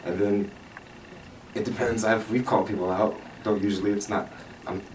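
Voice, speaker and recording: Very deep, calm man on a panel. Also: moderate pace. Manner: calm, even-handed, trails off softly. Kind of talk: panel discussion. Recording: roomy, distant mic, audible noise.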